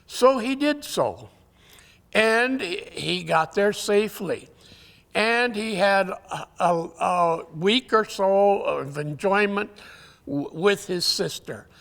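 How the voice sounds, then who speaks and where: A man giving a conference talk, telling jokes in a folksy, halting way, his voice weakened, often clearing his throat. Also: high voice, a bit bright. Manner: folksy, halting storyteller with many uhs. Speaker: conference speaker. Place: conference hall. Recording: long hall reverb.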